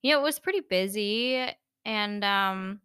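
A woman's voice: medium pitch, measured pace, bright, forceful tone, smooth, no room sound, studio quality. A young woman co-hosting a podcast, telling a story in casual chat with lots of fillers. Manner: chatty storyteller, many fillers. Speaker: podcast co-host.

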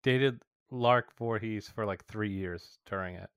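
Give me a blunt, low-voiced man with a Midwestern American accent chatting as a podcast co-host, dry close mic. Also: measured pace, clean tone, no room sound. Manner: blunt, swears casually, reels off trivia. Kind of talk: casual chat about a TV show.

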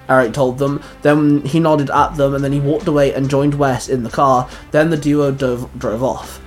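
A man's voice: mid-range voice, fairly even intonation, moderate pace, few pauses, soft background music. A man reading a fan fiction story aloud and hosting the channel, enthusiastic when recommending other creators.

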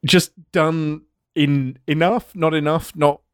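A man co-hosting a casual podcast chat, animated and laughing as he makes his points. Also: fairly high pitch, slow, clean tone, no room sound, clean studio sound. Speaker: podcast co-host, video writer.

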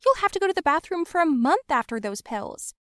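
A woman's voice: sits high, sing-song, a little fast, fairly bright tone, no echo, clean studio sound, voice pushed up. A woman doing a blunt, scolding girlfriend.

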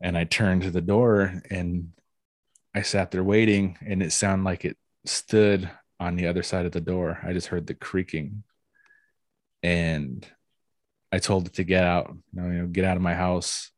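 A man's voice: deep voice, flat delivery, a little slow, dry recording. A man telling a personal story in a casual, rambling way, leaning on "you know" and laughing now and then.

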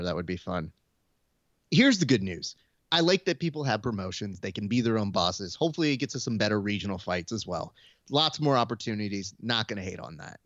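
Animated man chatting on a podcast. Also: medium pitch, no room sound, dull audio. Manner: animated, acts out quotes. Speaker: podcast host. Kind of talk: casual chat about combat sports.

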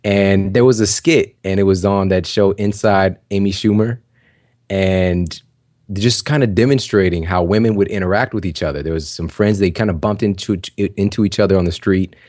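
Deep-voiced man hosting a casual podcast. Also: normal speed, a little mellow, no room sound, studio quality. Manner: conversational, full of "you know" and "like" fillers; encouraging, addresses listeners directly. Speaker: podcast host. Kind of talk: casual motivational talk.

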